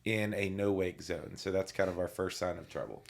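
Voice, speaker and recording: Male podcast co-host, lowish voice, casual and wry. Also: fairly even intonation, normal speed, vocal fry. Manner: chatty, recaps scenes with stumbles and light humor. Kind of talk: casual legal discussion.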